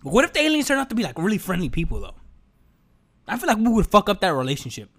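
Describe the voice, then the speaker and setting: A man's voice: sits high, very fast. A young man hosting a podcast, talking in a casual, joking monologue full of slang and swearing. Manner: animated, joking, slangy and profane. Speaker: podcast host.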